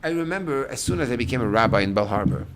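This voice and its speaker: A middle-aged man, a rabbi, giving a lecture to a class on relationships. He tells stories in a lively way, acts out what people say, and breaks into sudden loud outbursts. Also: medium pitch, very fast, very noisy. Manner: animated storyteller, acts out quotes, sudden loud bursts.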